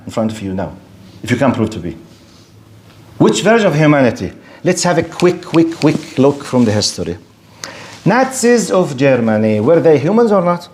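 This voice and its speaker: A man's voice: fairly high pitch, darkish tone. A man who speaks natively, giving a religious lecture in English. He argues animatedly and rhetorically, playing out debates with imagined objectors. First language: Arabic. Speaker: Islamic lecturer.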